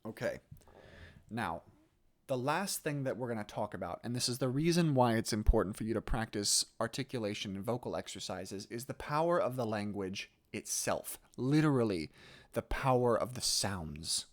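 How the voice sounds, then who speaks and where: A man's voice: on the low side, lively intonation, moderate pace. A man teaching an acting class in a recorded lesson, explaining patiently step by step over a screen recording. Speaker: theatre teacher.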